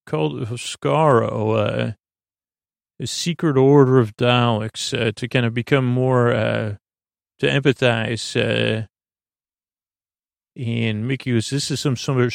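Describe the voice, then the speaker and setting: A man with a gravelly, flat delivery that barely rises or falls. He rambles through a relaxed recap, filling every pause with "uh" and "he goes". The sound is dry and close, with no room around it. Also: medium pitch, no echo. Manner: rambling, filler-heavy retelling with many "he goes". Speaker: podcast host. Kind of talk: casual episode recap for sleep.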